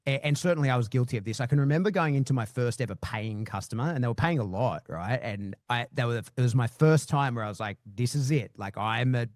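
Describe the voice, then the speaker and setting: A man's voice: medium pitch, lively intonation, fast talker, hardly any pauses, darkish tone, no room sound, studio quality. A man who trains dogs, a guest on a podcast, speaking frankly and thoughtfully, swearing freely and often restarting his sentences. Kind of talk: casual podcast conversation.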